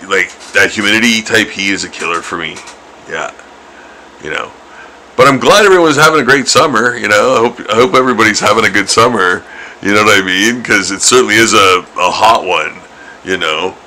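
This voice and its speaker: A middle-aged artist streams himself drawing, talking casually in a lowish, sharp-toned voice. He rambles and chuckles, with lots of fillers and restarts, and the poor audio carries a little hiss or hum.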